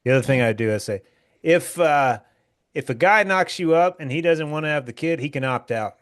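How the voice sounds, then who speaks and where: A man's voice: on the high side, animated, brisk, fairly bright tone, no echo, clean studio sound. A young man co-hosting a podcast over a call, talking casually, bluntly and crudely and boasting. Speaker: podcast co-host. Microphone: remote call.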